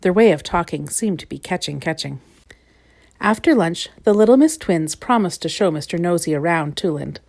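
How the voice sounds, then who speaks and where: A woman reading a children's storybook aloud in a gentle, expressive way. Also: lowish voice, normal speed, creaky.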